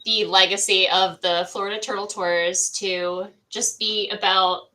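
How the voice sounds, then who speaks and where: A woman's voice: medium pitch, steady tone, measured pace, sharp tone, rough recording. A woman co-hosting a casual podcast, summing up the episode in an upbeat, earnest way. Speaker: co-host.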